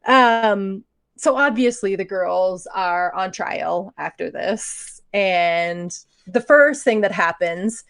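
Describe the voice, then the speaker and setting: A woman's voice: medium pitch, slow pace, vocal fry, a bit bright. A woman co-hosting a podcast, telling a true-crime story in a casual, joking way and laughing often. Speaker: podcast co-host.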